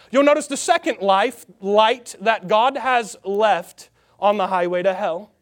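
A man from the Salt Lake Valley preaching a sermon, stressing his points by slowing down and repeating phrases. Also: high-pitched. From Salt Lake Valley, Utah. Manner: emphatic preaching with slow, drawn-out repeated phrases.

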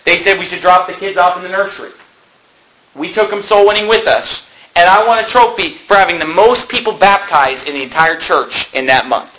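Young guy preaching hard, high bright voice, jokey then yelling. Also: lively intonation, fairly quick, poor audio. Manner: impassioned, swings between joking and shouting. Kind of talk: fiery sermon.

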